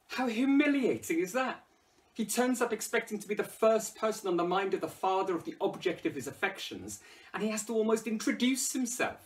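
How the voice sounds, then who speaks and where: A man's voice: high-pitched, brisk, recorded from a distance. A man with an English accent explaining a play, reading quoted lines aloud with dramatic emphasis. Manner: expressive, rises loudly when quoting lines. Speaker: English literature teacher. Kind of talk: lesson commentary with dramatic readings.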